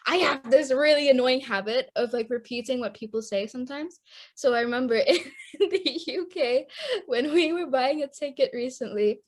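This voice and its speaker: A teenage girl from Indonesia chatting as a podcast co-host. Her voice sits a little high, and she rambles and laughs often in relaxed, casual talk. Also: normal speed. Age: teens. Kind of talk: casual chat.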